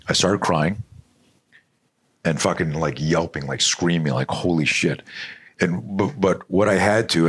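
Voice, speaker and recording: A middle-aged man from Canada with a remarkably deep voice. His tone is husky and a little rough. He tells his story animatedly and bluntly, swearing now and then as a podcast guest. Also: a bit bright. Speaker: podcast guest, self-defense instructor. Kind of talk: storytelling in a conversational interview.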